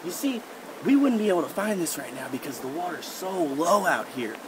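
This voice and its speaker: A man's voice: a little high, big pitch swings, brisk. Young man hamming up a fake nature guide. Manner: rambling, fake-expert tone with many fillers. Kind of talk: goofy deadpan nature-show parody. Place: outdoors in woods and rocky creek bed. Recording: outdoor camera audio with noise.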